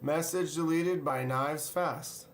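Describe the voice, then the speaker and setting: Slow and slightly high-voiced, a livestream host reads viewer comments out loud and says hi to people in the chat during a casual stream. A little hiss or hum sits in the recording, which has a roomy, echoey sound.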